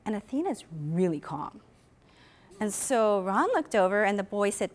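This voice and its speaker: Animated woman telling a story at a conference. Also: mid-range voice, moderate pace. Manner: animated storyteller who acts out the people she quotes; asks the audience questions. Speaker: conference presenter for an animal welfare education program.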